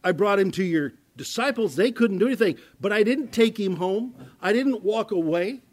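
Man, pastor, sermon teaching, fairly high voice, conversational, stumbling restarts, loud-to-hushed swings. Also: expressive, moderate pace. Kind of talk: sermon-style Bible teaching.

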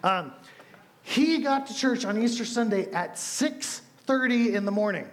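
A man's voice: extremely high pitch, measured pace. A man preaching as a youth pastor, telling stories in a casual, chatty way. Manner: casual, storytelling, animated asides. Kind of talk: sermon.

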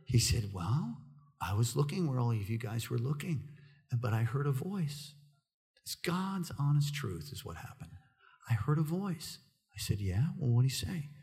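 A middle-aged male pastor preaching through a personal story, acting out the people in it and swinging between loud excitement and hushed quiet. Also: medium pitch, unhurried, breathy edge. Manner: animated, acts out quoted voices, swings from loud excitement to hushed near-whisper. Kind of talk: sermon storytelling.

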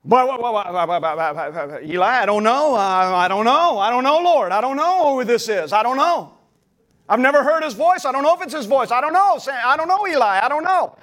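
Guy preaching doing a flustered little boy, stammering, high voice that jumps around a lot. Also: animated, fairly quick, fairly bright tone. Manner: stammering, repeating himself anxiously. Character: young boy prophet, confused and pleading.

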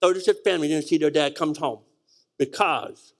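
A man's voice: a little high, normal speed. A man preaching a sermon, reading scripture aloud and stressing points with repeated words and sudden rises and drops. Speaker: pastor.

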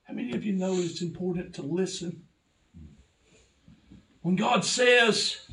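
A man's voice: high voice, a little slow, pauses often, sharp tone, recorded from a distance. A man, preaching a personal testimony with impassioned storytelling that builds to fervent cries. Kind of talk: sermon testimony.

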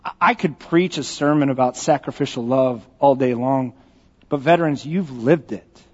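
A man's voice: mid-range voice, normal speed, darkish tone. A man preaching a conversational sermon, joking and telling stories straight to the congregation. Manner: joking, folksy, speaks directly to the congregation. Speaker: pastor. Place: church sanctuary. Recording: dull recording with long church reverb.

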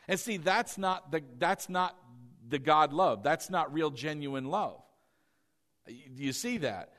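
A middle-aged man preaching a sermon as pastor, animated, asking the congregation rhetorical questions and acting out quoted lines. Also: a little high, unhurried.

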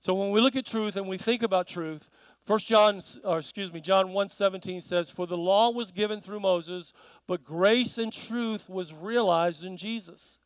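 A man's voice: high voice, normal speed, no echo, rough recording. A man preaching a sermon in a church, telling stories and asking the congregation questions. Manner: animated storytelling with audience questions.

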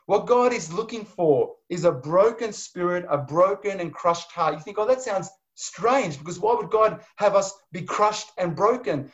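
Man preaching, fairly high voice, impassioned, loud then hushed, dull lo-fi sound. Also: lively intonation, normal speed, few pauses. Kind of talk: sermon.

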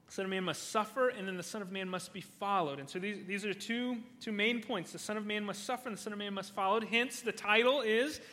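A man's voice: high voice, pushed and bright, long reverb tail. A man preaching a sermon, emphatic and stopping often to restart and repeat words. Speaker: pastor.

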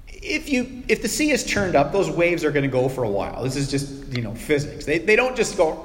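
A pastor preaching a sermon, conversational and teaching, with dramatic pauses and hushed, soft asides. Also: male voice, high-pitched, lively intonation. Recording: long hall reverb.

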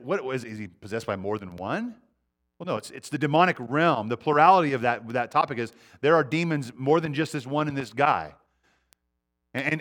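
A man preaching a sermon as pastor, earnest, letting his sentences fall to a quiet hush. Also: medium pitch. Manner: earnest, often dropping to a quiet hush at phrase ends; repeats words as he restarts.

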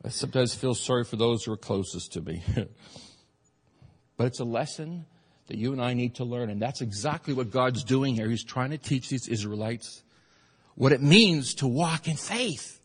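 A man preaching a sermon as pastor, rising to loud peaks and dropping to quiet asides. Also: medium pitch, expressive, moderate pace, breathy edge. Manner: preaching, swings from shouted peaks to soft asides. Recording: long hall reverb.

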